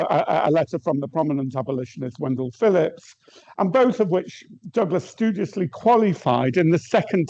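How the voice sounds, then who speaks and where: A man giving an academic lecture at a measured pace, reading quotations aloud and pausing with some hesitations. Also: a little high, creaky, warm tone. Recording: muffled lo-fi recording.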